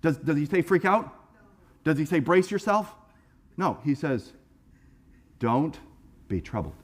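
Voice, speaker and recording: In an unhurried sermon, a pastor speaks to his church sanctuary in a relaxed, animated way, acting out quoted voices. His voice is a bit high for a man, and he often doubles a word before a phrase takes off.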